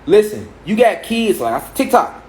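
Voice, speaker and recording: A man in his thirties with a somewhat high voice and an African American Vernacular English accent preaches to a gathered audience. His delivery is emphatic and full of rhetorical questions and repeated phrases. The recording is echoey, with a faint hiss underneath. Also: big pitch swings, measured pace, a little mellow. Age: 30s. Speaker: speaker addressing a gathered audience. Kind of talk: spiritual lecture. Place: large room with an audience.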